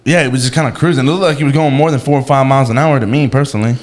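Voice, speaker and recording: A man in casual podcast chat who jumps in with quick questions and reactions. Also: mid-range voice.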